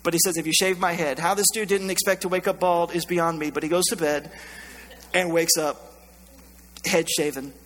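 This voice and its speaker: A man's voice: a little high, fairly even intonation, normal speed, long pauses, a bit bright, in a large hall. A male pastor preaching a sermon in a conversational, joking way, telling the story with animation.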